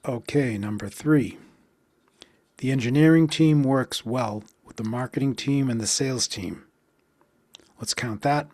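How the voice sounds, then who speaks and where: Man, pronunciation lesson, deliberate drill reading, mid pitch, dry close sound. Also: darkish tone, no echo. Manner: deliberate, spells out stress beats slowly when counting. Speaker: pronunciation teacher. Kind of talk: instructional explanation with slow practice drills.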